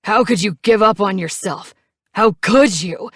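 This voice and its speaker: A woman reading the lines of an angry, grieving young male biker in an audiobook, shouting and accusing. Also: sits low, unhurried, dry recording, studio quality. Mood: yelling anguish.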